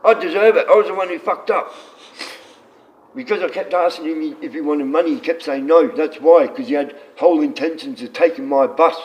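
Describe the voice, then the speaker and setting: A man's voice: on the high side, brisk, darkish tone, muffled recording. A man chatting casually on a livestream, rambling and swearing freely.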